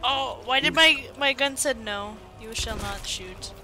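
A woman chatting casually and giggling softly while playing a game with friends. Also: fairly high pitch, measured pace, faint music behind. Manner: giggly, soft-spoken. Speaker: gamer host. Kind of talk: casual gameplay chat.

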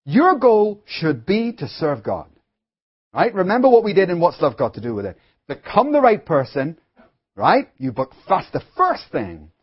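A man's voice: sits high, huge pitch swings, normal speed, breathy edge. A man preaching a sermon as pastor, telling stories with chatty asides to his congregation. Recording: dull lo-fi recording.

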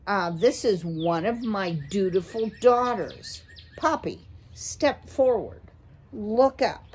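A woman's voice: mid-range voice, animated, slow pace, a little mellow, slight background noise. A woman voicing a nervous, fawning father mouse straining to sound jaunty. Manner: jaunty, flustered.

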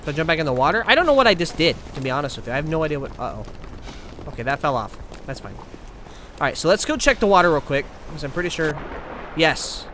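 A man playing a video game for his channel, excitable and yelping when things go wrong, muttering to himself in calmer moments. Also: on the high side, quick pace, a little hiss or hum. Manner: excitable, yelps and panics, then mutters to himself. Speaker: gaming YouTuber. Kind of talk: let's play commentary.

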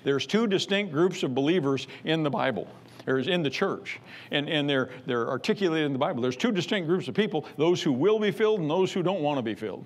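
A man's voice: a little high, expressive, a little fast. Emphatic man preaching a sermon. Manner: emphatic, repetitive, rising to loud bursts. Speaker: pastor.

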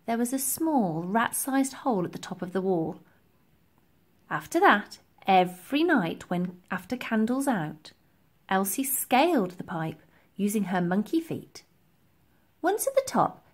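Lively slow-paced woman reading a story. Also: mid-range voice. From England. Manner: lively, expressive storytelling with slow deliberate pacing. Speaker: reader.

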